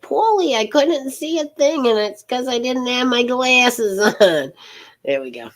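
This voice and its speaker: A middle-aged woman hosting a casual live tarot reading, rambling and halting, with many fillers and soft laughs. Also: fairly high pitch, expressive.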